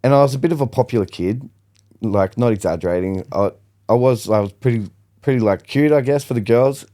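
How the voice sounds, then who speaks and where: A young man talking as a podcast guest, blunt and intense, peppering nearly every sentence with swearing. His voice sits in an ordinary middle pitch for a man. It's loose, casual conversation. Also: fairly quick, warm tone. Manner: blunt, heavy swearing, fired-up storytelling.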